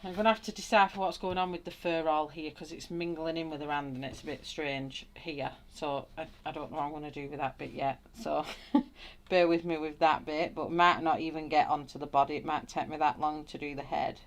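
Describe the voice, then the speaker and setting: Low-voiced woman chatting through a colouring demo. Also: fairly even intonation, fairly quick, hardly any pauses, a little hiss or hum. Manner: thinks aloud, greets chat viewers, laughs often. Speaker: colouring tutorial host. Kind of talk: live colouring demonstration, chatty.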